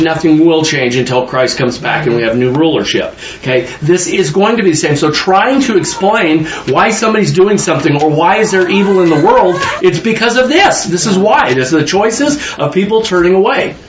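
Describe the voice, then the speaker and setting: Halting male preacher in an echoey room. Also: high voice, expressive. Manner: halting, repeats words, slows down to read verses. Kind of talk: sermon with scripture reading. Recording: dull, echoey room with faint noise.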